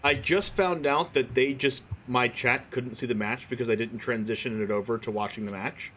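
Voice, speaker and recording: A mid-pitched male streamer joins the broadcast as co-commentator, chatting loosely about the plays. His delivery is casual and conversational. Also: normal speed, slight background noise. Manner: chatty, relaxed color commentary. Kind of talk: live game commentary.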